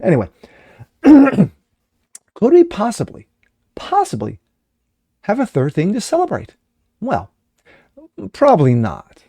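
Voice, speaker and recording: A man's voice: huge pitch swings, takes it slowly, pauses often, dark tone, dry recording, clean studio sound. A man hosting a daily political commentary show, sarcastic and mocking in tone. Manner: sarcastic and mocking, swings pitch for jokes. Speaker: host.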